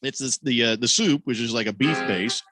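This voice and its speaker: A man's voice: medium pitch, a little fast, music in the background. A man hosting a sports radio show, chatting casually and reading listener comments aloud. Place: radio studio. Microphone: studio microphone.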